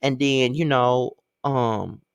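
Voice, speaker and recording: A man's voice: mid-range voice, steady tone, slow pace, clear, resonant tone, no echo, studio quality. A man giving a casual recap of a reality TV episode, blunt and profane, with exasperated outbursts. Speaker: TV recap host.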